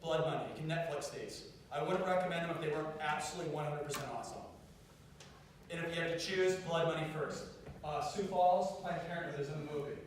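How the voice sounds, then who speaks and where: A man giving a campus talk, telling stories and urging the students, dropping to a hush and then rising to loud calls. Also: a little high, fast talker, a little hiss or hum. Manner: storytelling, urges the crowd, swings from hushed to loud. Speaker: pro-life speaker. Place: university lecture hall. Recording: very echoey hall, far-off mic.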